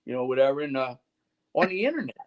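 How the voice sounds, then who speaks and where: A man's voice: medium pitch, sing-song, quick pace, darkish tone. A man telling stories as a guest in a casual interview, rambling and filling his talk with "you know" and "man". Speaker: guest musician and radio host.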